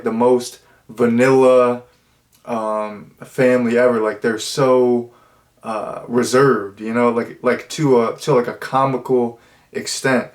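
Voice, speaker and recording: A man talks through a movie review in a loose, rambling way. He circles back on himself, piles on fillers and restarts sentences as he goes. His voice sits at an ordinary middle pitch. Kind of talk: casual spoken movie review.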